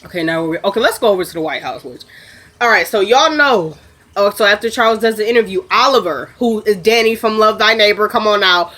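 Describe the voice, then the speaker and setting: A woman's voice: mid-range voice, animated, fairly bright tone. Chatty woman recapping a TV episode. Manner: chatty, acts out characters' lines in quick asides. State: sniffly. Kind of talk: casual recap chat.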